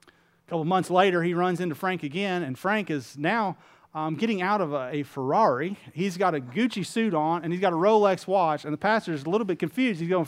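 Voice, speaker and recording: A man's voice: sits high, a little fast. A man preaching a sermon as pastor, earnest and emphatic, telling stories with voiced characters.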